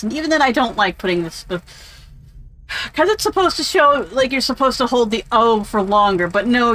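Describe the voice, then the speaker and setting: A woman's voice: fairly high pitch, a bit bright, slight background noise, low-quality recording. A woman giving casual, rambling gameplay commentary, chatty and opinionated, drifting off into tangents and swearing offhandedly. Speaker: game streamer.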